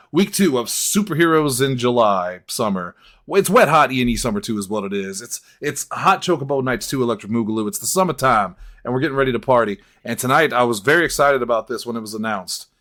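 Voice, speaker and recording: A man hosts a casual movie-review podcast with energy and a steady stream of jokes. He laughs often and keeps the talk loose and comedic, at a mid pitch. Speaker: podcast host.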